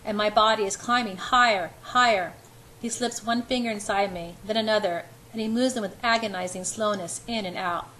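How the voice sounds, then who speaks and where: A woman's voice: medium pitch, fairly even intonation, moderate pace, a bit bright, a little hiss or hum, rough recording. A woman reading a romance novel aloud in an unpolished first-person voice. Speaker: amateur reader.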